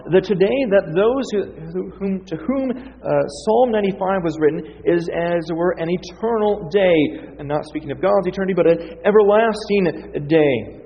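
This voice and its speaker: A man's voice: high-pitched, normal speed. A man preaching a teaching sermon, reading scripture aloud with emphasis. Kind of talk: expository sermon. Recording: dull, reverberant hall sound.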